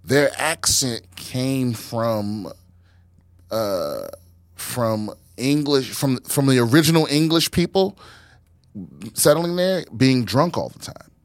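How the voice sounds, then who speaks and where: A man's voice: medium pitch, animated, slow pace, dry recording. A man hosting a casual podcast, rambling with many restarts and swearing. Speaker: podcast host.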